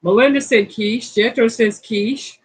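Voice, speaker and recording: A woman's voice: a little high, steady tone, a little slow, husky, low-quality recording. Folksy woman hosting a live chat. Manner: folksy, chatty, playful. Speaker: host of a cooking channel's live chat. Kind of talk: casual live-stream chat, reading quiz questions.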